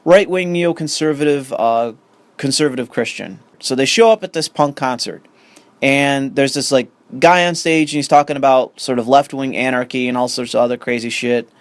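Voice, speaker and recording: A man's voice: medium pitch, normal speed, no echo. A young man ranting in commentary, profane and sarcastic, reading an article aloud and arguing with it. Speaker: commentary host.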